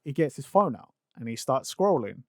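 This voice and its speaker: A young man from England co-hosting a podcast, telling an anecdote in a quick, wry casual way. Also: medium pitch, sing-song, a little mellow, dry recording, studio quality. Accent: English. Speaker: podcast co-host. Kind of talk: casual storytelling.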